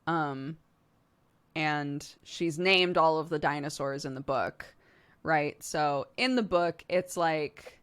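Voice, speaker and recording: A woman's voice: low-pitched, takes it slowly, clear, resonant tone. A woman streamer chatting casually with viewers, laughing easily and swearing now and then. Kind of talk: casual chat answering viewer questions.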